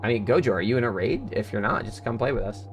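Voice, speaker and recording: A man's voice: lowish voice, expressive, quick pace, music in the background. A man streaming a video game, chatting casually and swearing freely with friends and viewers. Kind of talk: casual live-stream chat while gaming.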